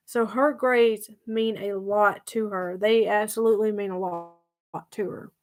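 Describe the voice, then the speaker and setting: A woman's voice: medium pitch, steady tone, unhurried. A woman telling a story to her viewers in a chatty, emphatic way that circles back over the same points. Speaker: vlogger. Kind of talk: casual storytelling vlog.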